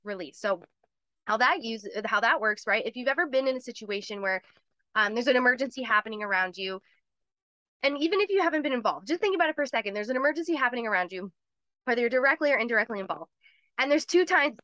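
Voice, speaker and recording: A woman hosting a live online course, explaining in a chatty, quick way, laughing often and acting out little voices. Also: on the high side, a bit bright, no room sound. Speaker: course host. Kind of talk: live webinar lecture.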